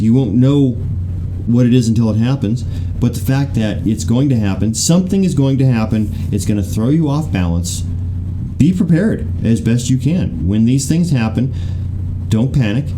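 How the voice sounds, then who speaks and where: A man's voice: mid-range voice, background noise. A man hosting a live talk about a seasonal festival, rambling and repeating himself, with many restarts and fillers, and coughing from allergies. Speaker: host.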